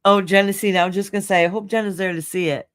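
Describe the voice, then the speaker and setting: A woman co-hosting a casual livestream, teasing and quick to laugh. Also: medium pitch, fairly even intonation, no room sound. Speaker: livestream co-host. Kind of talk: casual chat.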